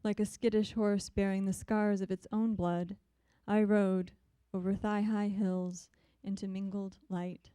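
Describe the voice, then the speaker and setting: A woman poet reads her work in a measured, deliberate way, her voice mellow and smooth. The sound is close and dry. Between poems she turns soft and hesitant. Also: medium pitch, little pitch movement, no echo. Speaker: visiting poet. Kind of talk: poetry reading.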